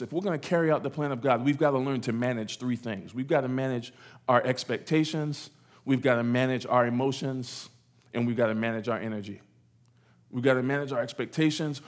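A man preaching a sermon to a congregation in a church, repeating phrases and acting out voices as he goes. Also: mid-range voice. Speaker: pastor.

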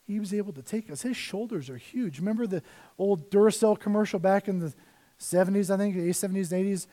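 A middle-aged man preaching a sermon as pastor, swinging between hushed asides and loud, emphatic scripture reading. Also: high-pitched, fast talker.

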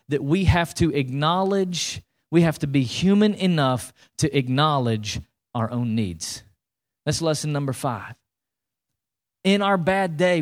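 Man preaching a lively sermon. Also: fairly high pitch. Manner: animated, conversational preaching with repetitions and asides to the congregation. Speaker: pastor.

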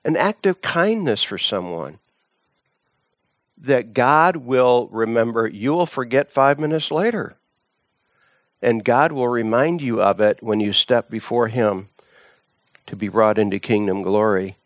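An animated male preacher telling a story from the pulpit, his voice swinging up and down for effect. He sits at a middle pitch. The recording is dry and close, with no room echo. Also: measured pace, long pauses. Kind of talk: sermon storytelling.

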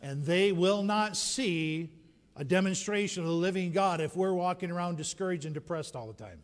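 A man preaching a sermon as dramatic storytelling, rising to shouts and dropping to hushed tones, in a church sanctuary. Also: sits high, moderate pace. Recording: long reverb of a large hall.

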